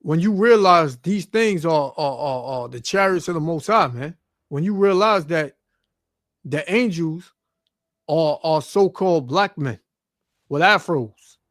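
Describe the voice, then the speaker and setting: A man with a high-pitched voice preaches over news clips. He reads scripture aloud and stammers through his fillers. He ends nearly every phrase with "man". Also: animated, a little slow, fairly bright tone, no room sound, clean studio sound. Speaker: street preacher.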